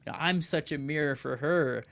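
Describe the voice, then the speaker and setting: A man's voice: a little high, moderate pace, gravelly, a bit bright. A man hosting a casual podcast conversation, talking emphatically and often tossing in "dude", "man" and "right?". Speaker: podcast host.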